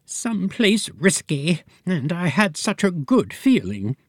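A man's voice: sits high, sing-song, slow pace, no echo, studio quality, voice pushed up, full character voice. A man voicing a fanciful female fortune teller with a dreamy, prim manner. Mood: wistful.

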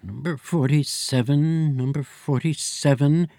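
A man's voice: fairly high pitch, fairly even intonation, unhurried, warm tone, dry recording, studio quality, pitched above the performer's own voice. A man voicing a sassy female elephant receptionist who grumbles and complains. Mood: brisk. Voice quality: huffy, complaining.

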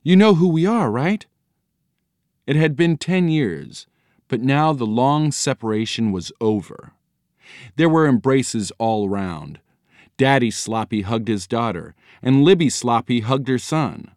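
Man reading a kids story, super expressive, lively pitch, dry studio sound. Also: measured pace, no echo. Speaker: audiobook reader. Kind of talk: storybook narration. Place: recording studio.

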